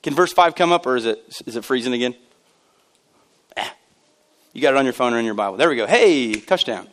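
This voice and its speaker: A man in his thirties preaching a sermon in a church, swinging between loud exclamations and hushed, low asides. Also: expressive, fairly quick. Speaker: pastor. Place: church sanctuary.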